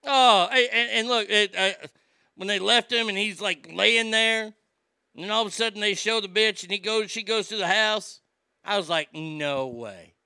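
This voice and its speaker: A man's voice: sits high, fairly even intonation, normal speed, creaky, pushed and bright, clear, resonant tone, no room sound, studio quality. A man ranting casually and profanely about movies while reading out listener comments. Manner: swearing, exasperated ranting.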